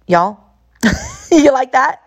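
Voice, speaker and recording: A woman in her thirties from California hosts a podcast, earnestly telling an emotional personal story and often repeating herself. Her voice sits high and sounds sing-song and gravelly, and she speaks very slowly.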